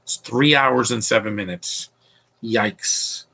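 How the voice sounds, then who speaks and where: A man's voice: medium pitch, slow pace, gravelly, pushed and bright, slightly rough. A man hosting a casual movie commentary podcast, talking in an opinionated, rambling way with frequent restarts.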